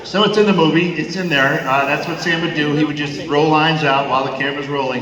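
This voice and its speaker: An older man, an actor, telling lively anecdotes at a fan Q&A, mimicking others and laughing often. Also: fairly high pitch, quick pace. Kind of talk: storytelling Q&A on stage. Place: large theater with audience. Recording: distant, echoey hall with noise.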